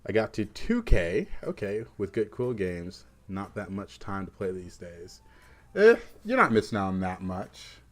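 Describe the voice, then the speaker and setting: A man's voice: low voice, sing-song, a little slow. A young man casually chatting with his chat while playing and commenting on a card game. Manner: laid-back, chatty, reads and answers chat while playing. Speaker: streamer.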